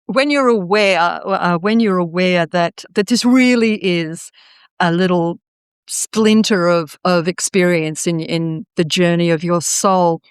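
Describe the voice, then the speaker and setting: A woman's voice: lowish voice, takes it slowly, clean tone, no room sound, clean studio sound. A woman hosting a podcast interview, reflective and affirming, often repeating words as she thinks. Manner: warm affirming listener, reflective, many repeats. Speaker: podcast host. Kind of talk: casual interview chat.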